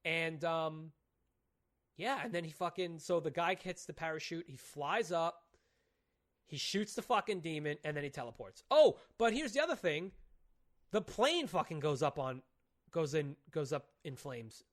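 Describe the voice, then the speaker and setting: This podcast co-host is a man whose voice sits a bit high, and he chats casually, fast and unguarded. Retelling storylines with excitement, he curses heavily, stumbles, and restarts his thoughts.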